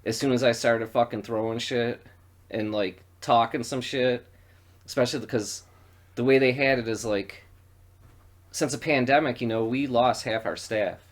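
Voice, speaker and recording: A man from western New York co-hosting a podcast, telling profane stories in a loose, animated way. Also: medium pitch, moderate pace. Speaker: podcast co-host. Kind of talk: casual storytelling chat.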